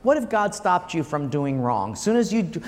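An older pastor with a fairly high voice preaches with lively, laughing storytelling. His words carry a long reverb, as from a large hall. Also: normal speed. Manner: animated storyteller, laughing through anecdotes. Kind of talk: sermon with comic storytelling.

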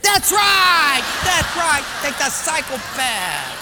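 A man doing a high-pitched bossy job interviewer, booming verdicts, long church reverb. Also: unhurried, heavy background noise. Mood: loud booming.

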